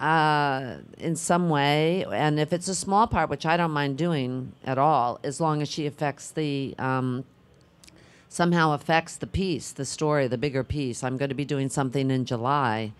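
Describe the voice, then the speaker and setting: A middle-aged actress answering on a panel, thinking aloud in a rambling, conversational way. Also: female voice, sits low, clean tone.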